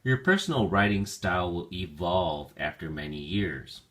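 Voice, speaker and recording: Deep-voiced man teaching vocabulary slowly. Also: lively intonation, a bit bright. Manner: slow, careful enunciation of words. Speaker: ESL teacher. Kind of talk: vocabulary lesson narration.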